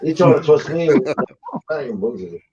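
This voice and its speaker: A man in a casual group chat who rambles in profane mumbles while his pitch swings to extremes. His audio comes through dull and muffled, with other voices crowding around him. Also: sing-song, moderate pace, crowd noise.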